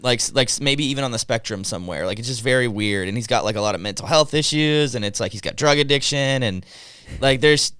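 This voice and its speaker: A man's voice: medium pitch, quick pace, a bit bright, clear, resonant tone, no room sound, studio quality. A young man co-hosting a podcast, rambling in casual chat with lots of fillers. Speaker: podcast co-host.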